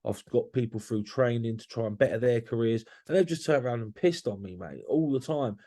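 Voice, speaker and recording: A man's voice: mid-range voice, a little fast, dark tone. A man talking candidly as a podcast guest, blunt and swearing freely, often restarting his sentences.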